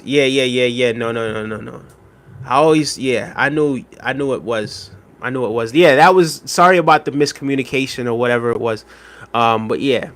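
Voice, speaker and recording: Relaxed man chatting on a livestream. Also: medium pitch. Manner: reads viewer comments aloud, quick apologies, warm shout-outs; relaxed, repeats phrases, frequent fillers. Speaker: livestream host. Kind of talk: casual livestream chat.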